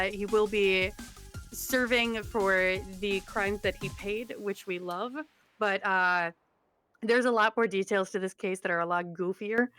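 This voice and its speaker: A woman co-hosting a podcast, telling a story in an animated, casual way with fillers. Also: mid-range voice, clean tone. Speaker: podcast co-host.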